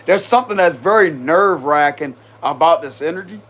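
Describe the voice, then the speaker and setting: A man's voice: on the high side, lively intonation, brisk, background noise. A man giving a casual tarot reading, chatty and slangy, talking straight to his viewers and often breaking into laughter. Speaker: tarot reader.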